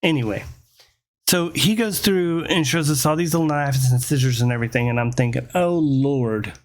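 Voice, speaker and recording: A fairly high-pitched man in his forties tells a long comedic story to the camera. He rambles and swears freely, and keeps the tone loose and animated as he hosts his own rant show. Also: brisk. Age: 40s. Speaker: host.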